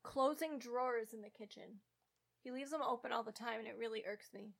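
Female guest, high voice, mild plain delivery. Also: a little fast, creaky. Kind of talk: casual chat.

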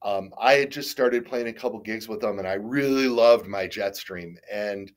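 A man's voice: on the low side, moderate pace. A middle-aged man, a guest in a casual interview, telling stories candidly with many restarts and stammers, and the occasional swear. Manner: rambling, frequent restarts and stammers.

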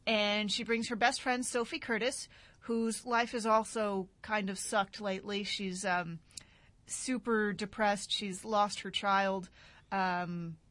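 A woman's voice: mid-range voice, fairly even intonation, slow, fairly bright tone, dry recording. A woman guest on a radio show, rambling through a book review in a casual way. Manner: chatty, rambling, self-deprecating.

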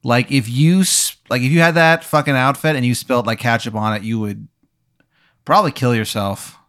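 A man running a comedic tabletop scene in a middle-pitched voice. He rambles, swears, and stumbles through filler words as he describes it. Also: a bit bright. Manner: rambling, profane, halting with many fillers. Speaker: game master. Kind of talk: narrating a comedic tabletop role-play.

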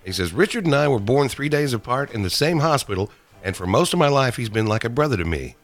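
A man's voice: medium pitch, sing-song, quick pace. A man on a radio show reading a statement aloud.

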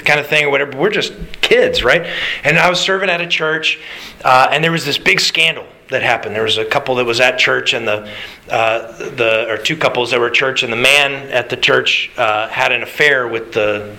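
A man preaching a sermon, animated and conversational, acting out quotes as he goes. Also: medium pitch, rough recording. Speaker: pastor.

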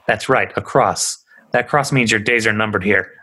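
Stern male ghost investigator, firm and interrogating, lowish voice, read by the host. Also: normal speed, sharp tone, breathy edge. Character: stern male paranormal investigator questioning a demon.

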